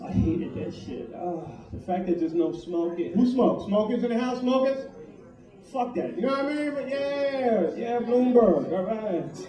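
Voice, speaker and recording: High-voiced profane New comedian. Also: male voice, unhurried, music in the background. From Puerto Rico heritage, New York. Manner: profane, animated, talks to the crowd. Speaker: stand-up comedian. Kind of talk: stand-up comedy set. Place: comedy club, live audience. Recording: echoey club from far off.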